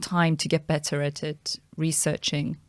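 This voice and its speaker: A woman hosting a podcast interview in a casual way, engaged, with quick reactions. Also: deep voice, flat delivery, dry recording. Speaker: podcast host.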